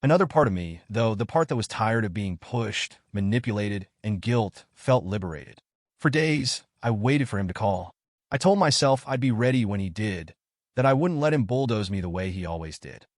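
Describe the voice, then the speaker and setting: A man narrating a first-person story in a dramatic, expressive way. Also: fairly low pitch, normal speed, no echo, studio quality.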